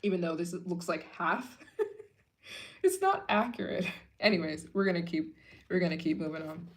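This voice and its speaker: A woman chatting casually on a livestream Q&A, her voice sitting a little lower than most. She talks in a gushing, chatty way, packed with filler words. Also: animated, normal speed, slight background noise. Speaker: travel channel host.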